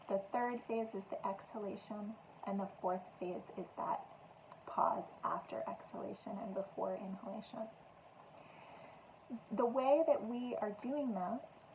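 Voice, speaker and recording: In gentle, unhurried tones, a woman meditation teacher walks listeners through breathing calmly, her voice mid-range. There's a little hiss or hum on this rough recording.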